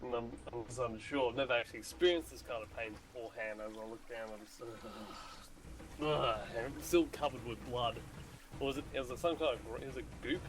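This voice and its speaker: A man's voice: mid-range voice, fast talker, rough recording. A man casually describing his character's actions in a tabletop game, hesitant and rambling. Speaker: player.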